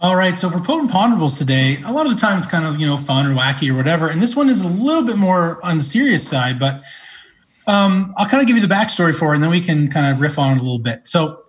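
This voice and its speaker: A man's voice: fairly high pitch, fast. Easygoing man with a slightly raised voice. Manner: relaxed, rambling with fillers like "kinda". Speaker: podcast co-host. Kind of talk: casual chat, telling a backstory.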